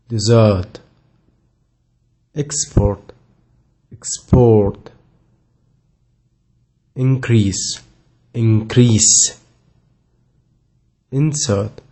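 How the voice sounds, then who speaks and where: Slow, mellow male voice reading word pairs. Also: lowish voice. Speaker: pronunciation model.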